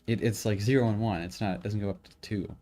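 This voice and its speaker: A programmer streaming his work mutters to himself during a casual talk-aloud coding session, swearing and grumbling in exasperation. His lowish, dark voice is fast with fairly even intonation. Keyboard typing and faint music play in the background.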